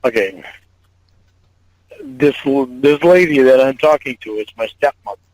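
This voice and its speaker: A man's voice: mid-range voice, animated, a little slow, a little mellow, dry recording. A man on a phone call, agitated, swearing often and repeating himself.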